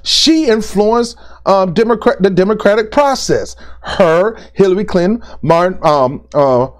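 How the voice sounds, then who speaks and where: A man's voice: sits high, animated, unhurried. Blunt, fired-up man ranting to camera. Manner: blunt, repetitive, exasperated; informal speech with "ain't" and "dude". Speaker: political commentary vlogger. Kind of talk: opinion rant to camera.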